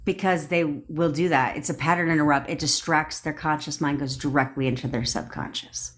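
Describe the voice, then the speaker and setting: A woman's voice: low voice, fairly even intonation, moderate pace, a bit bright. A young adult woman, a manifestation coach, ranting bluntly on a phone livestream with plenty of swearing and repetition. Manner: blunt, profane, repetitive tough-love ranting. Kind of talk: TikTok live rant.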